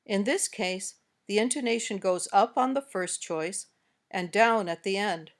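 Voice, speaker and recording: A woman with an American accent narrating a scripted English lesson, slowly modeling example sentences. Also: medium pitch. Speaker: English teacher.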